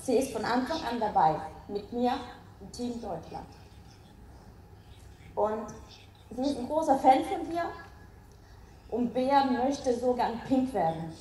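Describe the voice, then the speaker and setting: A woman's voice: fairly high pitch, sing-song, unhurried, pauses often, warm tone, recorded from a distance, slight background noise. Earnest woman from Germany presenting a guest. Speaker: team leader presenting a guest. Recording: echoey hall from afar.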